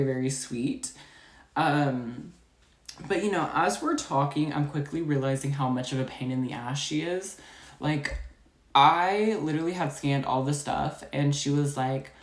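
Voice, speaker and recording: A woman telling a customer-service story in a chatty, rapid, animated way, full of filler words. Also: low-pitched. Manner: chatty, full of "like" and "you know". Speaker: storytime vlogger. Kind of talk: casual storytelling. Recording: echoey room.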